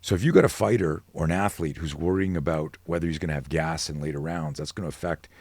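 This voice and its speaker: A middle-aged man with a very deep, husky voice tells stories as a podcast guest. He is animated and slips into other people's voices as he acts out the dialogue. The recording is dry and close. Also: fast, no echo. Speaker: guest, self-defense expert. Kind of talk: storytelling in a podcast interview.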